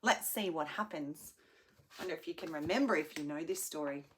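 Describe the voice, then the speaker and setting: A woman speech pathologist retelling a children's story with slow, simplified, expressive speech and key word signs. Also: low voice, slight background noise.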